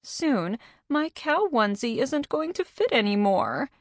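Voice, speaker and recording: A woman's voice: on the high side, very animated, a little slow, no room sound, studio quality, pitched above the performer's own voice. A woman reading an audiobook, voicing a brash, playful pregnant young woman who talks in offhand wisecracks. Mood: breezy.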